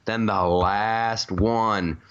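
A man's voice: fairly low pitch, fairly even intonation, very slow, fairly bright tone, smooth, highs cut off. A man hosting a casual, comedic podcast chat, rambling through stories with many restarts and laughs. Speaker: podcast host.

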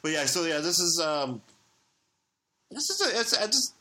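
A man with a bright, ringing voice chats loosely about old comics as a podcast co-host. He rambles, stops and restarts his sentences, and trails off before picking the thread back up. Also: fairly high pitch, very animated, moderate pace. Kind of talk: casual comics chat.

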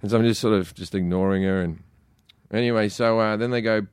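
A man's voice: on the low side, steady tone, fairly quick, darkish tone, clean tone, dry recording, studio quality. A man who is a comedian, telling stories in casual podcast chat, swearing freely and stumbling over his words. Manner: swears freely, stammers and restarts. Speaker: comedian guest.

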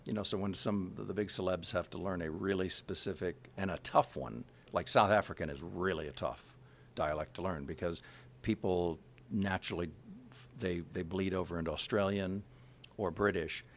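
A man's voice: normal speed, slight background noise. A man being interviewed, speaking plain general American with no regional accent, rambling with many restarts and fillers as he explains a point. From Kansas City area. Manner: animated, shifts pitch to illustrate points. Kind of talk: casual interview chat.

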